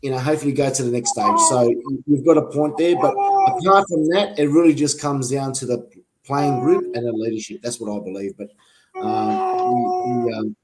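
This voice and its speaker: A man on a footy panel, speaking haltingly and repeating words. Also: mid-range voice, very animated, over music, rough recording. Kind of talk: casual chat.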